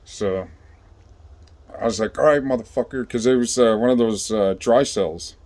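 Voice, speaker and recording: A man telling a story in a casual, rambling way, swearing a lot and filling pauses with ums and you-knows. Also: on the low side, fairly even intonation, darkish tone. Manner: rambling, profane, with many fillers.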